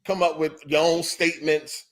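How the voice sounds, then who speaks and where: A man's voice: fairly high pitch, level tone, normal speed. A man hosting a podcast, ranting in a heated, profane and repetitive way. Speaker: podcast host. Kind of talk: ranting solo podcast monologue.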